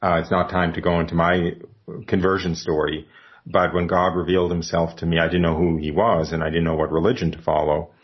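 A man hosting a religious call-in show, talking in a measured, teaching tone. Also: deep voice, little pitch movement, highs cut off. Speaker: radio host.

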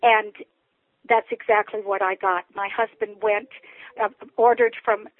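A woman's voice: mid-range voice, level tone, measured pace, no room sound. An older woman giving an emotional personal testimony as a guest, telling her story with many restarts. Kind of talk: personal testimony on a call-in show. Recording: tinny phone line, dry.

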